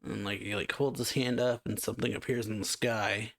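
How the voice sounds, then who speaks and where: A man's voice: on the low side, steady tone, a little fast, creaky, fairly bright tone. A man hosting a reaction channel, loosely retelling a comic chapter with plenty of fillers and reading character lines aloud in a slightly raised voice. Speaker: manga reaction channel host. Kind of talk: casual chapter recap.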